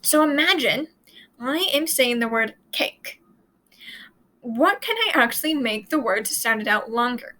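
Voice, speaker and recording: A woman's voice: on the high side, lively intonation, a little slow, pushed and bright, rough recording. A woman teaching Latin in a casual, chatty way, repeating points and sounding out words as she explains.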